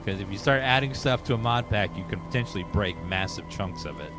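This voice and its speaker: A man's voice: fairly low pitch, lively intonation, brisk, over music. A man casually chatting as a game streamer, offhand and talkative. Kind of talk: casual gaming commentary.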